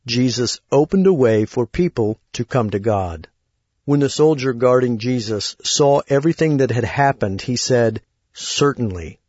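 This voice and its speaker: A man reading a Bible story aloud in a measured, plain way. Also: medium pitch, darkish tone, dry recording. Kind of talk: scripted Bible story narration. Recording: dull lo-fi recording.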